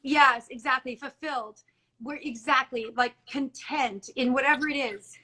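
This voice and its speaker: Bright-voiced earnest woman guest. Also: high-pitched, moderate pace, rough recording. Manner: earnest and emotional, many restarts and quoted dialogue. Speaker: salon owner guest. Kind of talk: candid interview talk.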